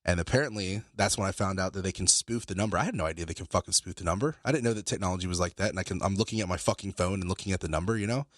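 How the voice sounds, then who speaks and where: A man, a podcast co-host, telling a story in casual talk, animated and swearing, acting out both sides of phone calls. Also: sits low, racing, hardly any pauses, no echo, clean studio sound.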